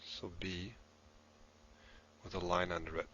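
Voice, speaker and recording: Deep-voiced man explaining a lesson step by step. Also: flat delivery, a little slow, pushed and bright, highs cut off, slight background noise. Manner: patient, step-by-step explaining, writing as he talks. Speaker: instructor in a played lesson video.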